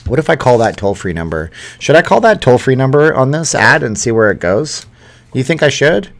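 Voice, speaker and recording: A man talks loosely to his live-stream viewers, joking as he reads their letters aloud. His talk is relaxed chat at a middling pitch. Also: brisk.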